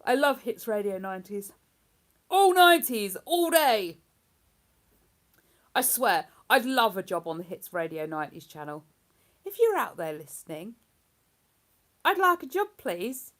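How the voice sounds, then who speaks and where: A woman's voice: medium pitch, big pitch swings, moderate pace, fairly bright tone. A woman hosting a livestream in casual, rambling chat. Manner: rambling, chatty, breaks into hummed tunes. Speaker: livestream host.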